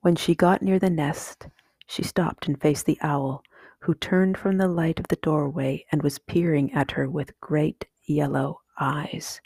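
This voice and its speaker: A woman reading a children's story aloud in a slow, hushed, soft whispered storybook style, husky in tone. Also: deep voice, fairly even intonation, dry recording.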